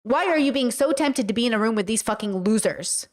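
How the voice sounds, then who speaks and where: Woman, reaction host, heated rant, swearing, fairly high voice. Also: expressive, a little fast. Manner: heated, profane, ranting. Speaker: commentary host. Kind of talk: reacting to a video clip, talking to chat.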